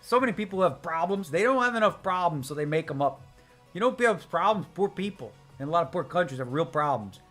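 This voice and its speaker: A man's voice: high voice, a bit bright. A man live-streaming a poker session, chatting casually with viewers in a brash, joking way and answering their chat messages. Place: home streaming setup.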